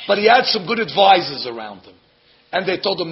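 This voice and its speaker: A man teaches a Bible lesson as an animated storyteller who acts out every character. His voice sits high, and the recording is dull and lo-fi. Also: fairly quick. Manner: lively storyteller acting out the characters. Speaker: religious teacher.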